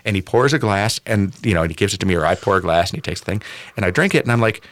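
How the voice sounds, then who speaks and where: A man telling a long story in casual chat, animated and swinging between loud and soft. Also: fairly low pitch, racing, no room sound.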